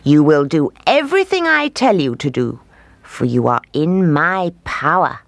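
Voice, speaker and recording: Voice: mid-range voice, big pitch swings, unhurried, gravelly, fairly bright tone, no room sound, exaggerated voice. A storyteller voicing a bossy, scheming old witch who snaps and scolds. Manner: snapping, snarling, scolding.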